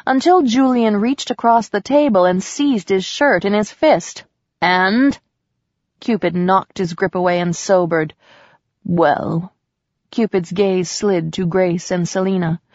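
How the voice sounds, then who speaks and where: A woman narrating an audiobook in a measured, even storytelling manner. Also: medium pitch, no echo, highs cut off. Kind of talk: scripted narration.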